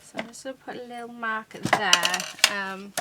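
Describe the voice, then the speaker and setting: A woman's voice: fairly high pitch, normal speed. Woman, craft-channel host, rambling chatty tutorial, noisy recording with tool clicks. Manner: chatty, rambling, many fillers.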